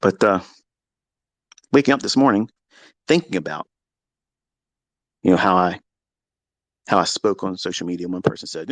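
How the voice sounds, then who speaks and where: A middle-aged man, a trading mentor, talking unfiltered in a live audio room from his home basement, blunt and heavily profane, at times breaking into heated yelling. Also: deep voice, animated, normal speed, long pauses, dry recording.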